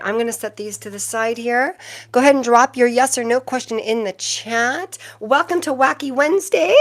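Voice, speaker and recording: A woman with a slightly high-pitched voice runs a relaxed live stream, talking straight to her chat. She rambles from one thought to the next and keeps breaking into laughter between remarks. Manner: chatty and rambling, laughs often. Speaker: tarot reader live streamer.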